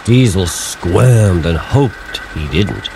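Slow, expressive male storyteller. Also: low-pitched, background noise. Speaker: narrator. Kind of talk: storybook reading. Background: music.

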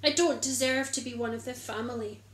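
A woman's voice: on the high side, a little fast, fairly bright tone, roomy sound, voice pushed up, natural voice. A woman voicing a repentant younger son in a children's Bible story, in an earnest, pleading tone. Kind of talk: storybook reading.

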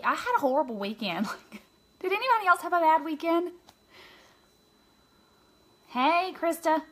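This woman has a high, fairly bright voice and runs a laid-back makeup livestream, chatting freely and calling out viewers by name. She comes across as emotional and openly shares how she feels.

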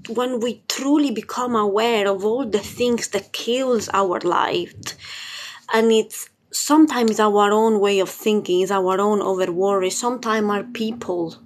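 Bubbly chatty woman. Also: on the high side. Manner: bubbly, chatty, laughs often, swears casually. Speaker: spiritual livestream host. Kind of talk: casual live-stream chat.

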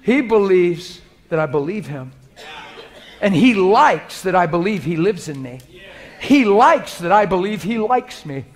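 A middle-aged man preaching a sermon to a live congregation, moving from hushed prayerful murmurs to loud, animated, laughing storytelling. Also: high-pitched, a little slow. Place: church hall before a live congregation.

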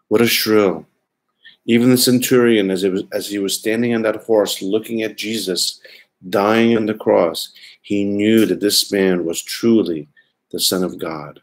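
A man's voice: on the low side, fairly even intonation, a little slow. A man preaching a sermon lecture, earnest and pleading, often repeating words for emphasis.

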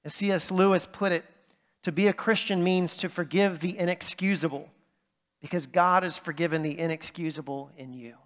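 A man's voice: fairly high pitch, steady tone, normal speed, big-room sound. A man pastor delivering a sermon in a conversational way, often checking in with "right?". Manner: conversational preaching with asides like "right?". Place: church sanctuary.

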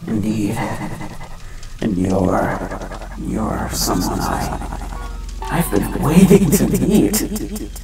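A sly male villain entity, put on by a man speaks low and hushed, mocking and unhurried. Music plays underneath his voice. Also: big pitch swings, creaky, echoey room, recorded from a distance, exaggerated voice, poor audio.

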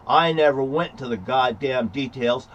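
An older man ranting, heated and profane, swinging between loud outbursts and low mutters. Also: moderate pace, muffled recording, slight background noise. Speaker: vlogger. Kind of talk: angry rant to camera.

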